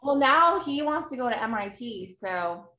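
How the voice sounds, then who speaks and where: A woman in her thirties chats as a podcast guest, rambling through memories and laughing easily. Her voice sits at an ordinary middle pitch. The room around her rings with echo. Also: expressive, moderate pace, bright, forceful tone. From New Jersey. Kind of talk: casual chat. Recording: echoey room.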